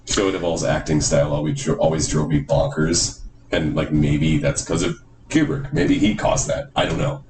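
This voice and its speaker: A man co-hosting a podcast in casual chat, rambling, animated and swearing freely. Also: rumbling low, moderate pace. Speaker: podcast co-host. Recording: echoey room, far from mic, noisy.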